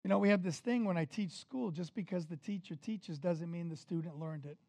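Emphatic preacher with a dry sound. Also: male voice, high voice, brisk, no room sound. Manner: emphatic, rises and falls in loudness, talks straight to the congregation. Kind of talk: sermon.

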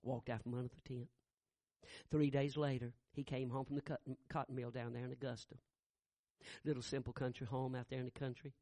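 A man's voice: mid-range voice, little pitch movement, a little fast, dark tone, no echo. A man preaching a sermon, telling a story in a folksy, conversational way.

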